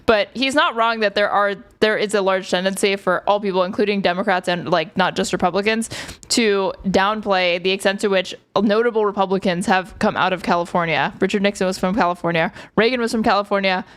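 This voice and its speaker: A woman's voice: medium pitch, a little fast, clean tone. A woman streaming, reacting to a podcast with sarcastic, swear-filled casual commentary full of "like" fillers.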